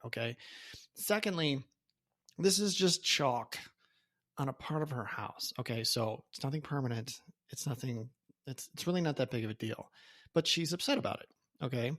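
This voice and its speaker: A man with a gravelly, fry-tinged voice hosts his own show and talks through a story on his own. His delivery is loose and chatty, sprinkled with "okay?" asides, at a middling pitch for a man. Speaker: podcast host. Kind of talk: casual solo storytelling.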